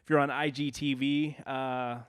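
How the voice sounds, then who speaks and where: An upbeat young man co-hosting a podcast, his voice sitting at an ordinary middle pitch. He chats loosely and keeps a friendly, conversational flow. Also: little pitch movement, normal speed, clean tone. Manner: upbeat and chatty, many fillers. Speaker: podcast co-host. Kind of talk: casual podcast chat.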